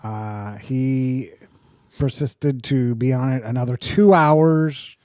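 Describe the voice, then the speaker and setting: A man telling a casual story on a podcast in a laid-back, deadpan way. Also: mid-range voice, slow, no echo.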